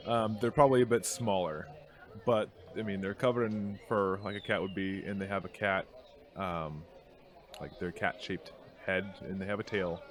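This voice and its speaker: A man running a tabletop game over a video call, narrating haltingly with many pauses and frequent laughs. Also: sits low, fairly even intonation, crowd noise. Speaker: game master.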